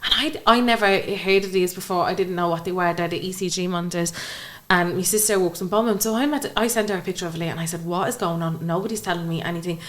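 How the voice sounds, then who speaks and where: Fast-talking young Irish woman. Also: lowish voice, fairly even intonation, a bit bright, slight background noise. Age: young adult. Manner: recounts events by acting out quoted dialogue. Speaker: podcast guest. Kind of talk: emotional personal storytelling in conversation.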